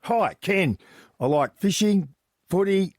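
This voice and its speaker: A man voicing a gruff, abrupt older Australian bloke in a broad Australian accent, talking in short, clipped phrases. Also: high-pitched, lively intonation, slow, darkish tone, no room sound, studio quality, pitched above the performer's own voice, full character voice.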